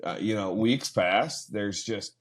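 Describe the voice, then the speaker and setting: Low-voiced man in casual golf chat. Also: takes it slowly. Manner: rambling, animated retelling with quoted asides. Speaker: podcast co-host.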